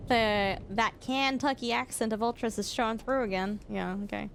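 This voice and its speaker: A woman's voice: on the high side, normal speed, gravelly, a little hiss or hum. Chatty Canadian woman streamer. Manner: chatty, laughing, questioning her own pronunciation. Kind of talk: casual livestream chat while gaming.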